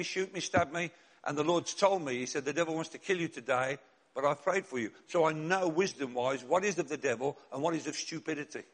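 A middle-aged man delivers a sermon as a pastor, his voice sitting high for a man. He tells stories from the pulpit and draws out key words for emphasis. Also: a bit bright. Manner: storytelling, slows and rises for emphasis.

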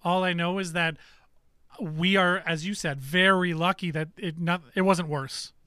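A man co-hosting a podcast, telling a story in casual chat, animated and swearing freely. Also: high voice, unhurried, clear, resonant tone, dry recording, clean studio sound. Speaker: podcast co-host.

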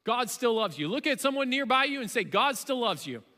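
A man in his thirties preaching a sermon, impassioned, shifting between loud emphasis and quiet storytelling. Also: very high-pitched, very animated, fairly quick. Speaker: pastor. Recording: long hall reverb.

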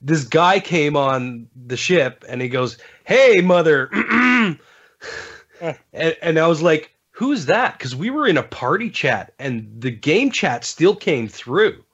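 A man's voice: on the high side, expressive, slow pace, fairly bright tone, slightly rough. A man, a podcast guest, chatting casually about games and rambling through stories with lots of fillers and restarts. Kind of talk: casual gaming chat. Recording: dull lo-fi sound.

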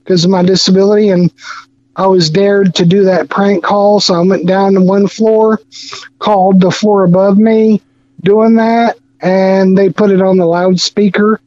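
A rather high-voiced man from Arkansas, rambling through jokey prank stories with many restarts. The sound is dull and lo-fi, as if through a cheap mic. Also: steady tone, unhurried, a little mellow, no room sound. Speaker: podcast guest. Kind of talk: casual storytelling chat.

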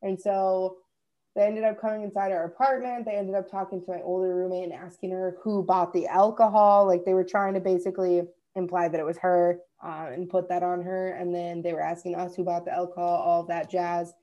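A woman's voice: on the low side, flat delivery, fairly quick, dark tone, muffled recording. A young woman from Minnesota, co-hosting a podcast, telling a story in casual chat and swearing freely. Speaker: podcast co-host.

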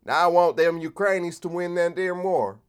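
A man voicing a mocking caricature of a folksy Southern man, loud and twangy with a Southern accent. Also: high voice, normal speed, clear, resonant tone, pitched above the performer's own voice, lightly acted. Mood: gung-ho.

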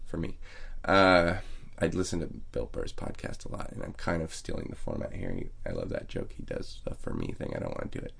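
A man's voice: low voice, gravelly. A man telling a rambling, profane, self-mocking story as a podcast host. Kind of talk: casual storytelling monologue.

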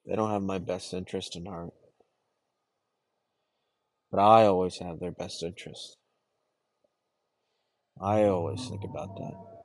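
A young man hosting a podcast, talking to himself in a distressed, halting, brooding confessional monologue. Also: low voice, steady tone, no room sound. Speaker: podcast host.

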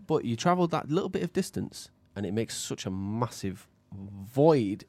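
A man's voice: mid-range voice, sing-song, normal speed, a little mellow, no echo. A man hosting a casual chat, playful and teasing, and often laughing.

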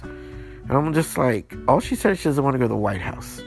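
A man's voice: mid-range voice, expressive, brisk, faint music behind. A man hosting a solo late-night podcast, rambling and frustrated, swearing often and restarting his sentences. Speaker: podcast host.

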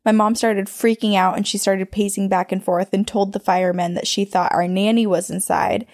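A woman's voice: mid-range voice, fairly even intonation, moderate pace, darkish tone, dry recording, clean studio sound. A woman co-hosting a podcast, reading a listener's ghost story aloud in a conversational way. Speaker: podcast co-host.

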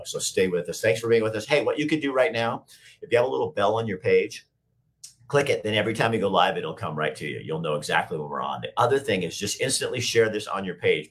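A man hosting a live talk show, chatting casually and rambling, with a slightly hoarse voice and plenty of fillers and restarts. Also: low voice. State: a bit hoarse.

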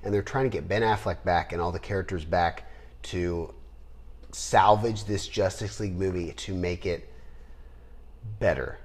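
A man hosting a podcast in casual chat, rambling and trailing off into low mutters. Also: moderate pace, pauses often. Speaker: podcast host.

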